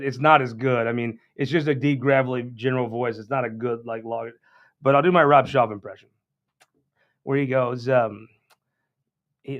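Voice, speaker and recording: A man hosting a political talk show, rambling in a folksy, casual monologue with frequent restarts. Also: mid-range voice. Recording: dull lo-fi sound.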